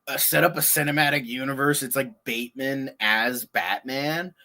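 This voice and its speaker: A man hosting a casual reaction show, excitable and rambling, swearing often and laughing. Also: mid-range voice, normal speed. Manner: excitable, swears a lot, lots of filler words and laughs. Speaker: podcast host.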